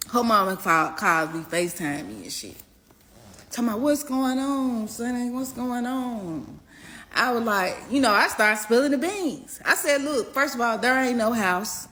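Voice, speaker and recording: In a relaxed storytime video, a young woman recounts something from her own life, cursing and lively, her delivery lurching from loud outbursts to quiet mutters.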